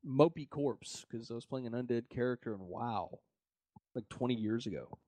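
A male podcast host who talks in a relaxed, rambling way and swears casually. His voice is mid-pitched. The sound is close and dry. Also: normal speed, no echo. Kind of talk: casual chat.

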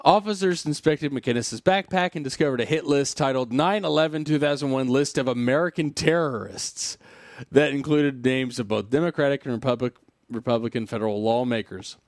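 Man, podcast host, reads news aloud, sarcastic asides, dry close sound, middle pitch. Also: brisk, no room sound. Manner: sarcastic, wry asides and sighs. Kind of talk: casual chat, reading an article aloud with comments.

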